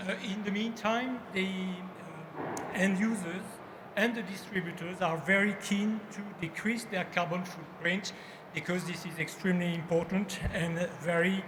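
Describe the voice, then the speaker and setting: A man with a French accent giving a startup pitch on stage in a halting, apologetic way. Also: fairly even intonation. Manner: halting, apologetic, hesitant delivery. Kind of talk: business pitch presentation. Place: large exhibition hall stage. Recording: echoey hall with background noise.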